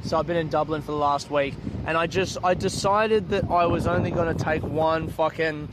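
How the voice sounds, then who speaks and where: A man's voice: on the high side, steady tone, moderate pace, noisy background. A man hosting his own podcast in casual solo chat, rambling, swearing freely and poking fun at himself while sitting in an outdoor city garden without his proper microphone. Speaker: podcast host. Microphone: no proper microphone, lower-quality recording.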